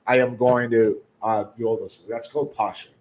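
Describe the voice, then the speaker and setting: A man's voice: mid-range voice, flat delivery, fairly quick, a little mellow, poor audio. A man giving sales training, emphatic, restarting often and shifting his tone and volume to demonstrate.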